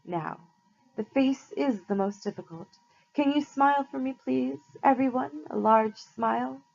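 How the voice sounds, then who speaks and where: A woman's voice: sits high, vocal fry, a little mellow, voice pushed up, full character voice. A woman reading aloud and voicing an old female gorgon who speaks in a honeyed, coaxing way. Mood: sugary. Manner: honeyed, coaxing, slow and sugary. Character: sweet-talking old female gorgon, menacing beneath. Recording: slightly muffled lo-fi recording.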